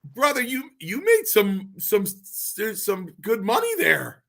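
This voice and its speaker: A male co-host who asks quick questions and chimes in with agreement during a wrestling interview. His voice has a gravelly edge and a bright, forceful tone. His pitch jumps around in a lively way. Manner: reacts with short questions and agreement, calls guest brother. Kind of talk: casual interview chat.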